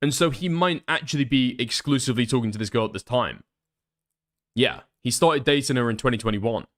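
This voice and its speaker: A man's voice: mid-range voice, lively intonation, brisk. Swearing man thinking aloud on stream. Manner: profane, thinks out loud, second-guesses himself. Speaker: streamer and commentator. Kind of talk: live commentary reading screenshots.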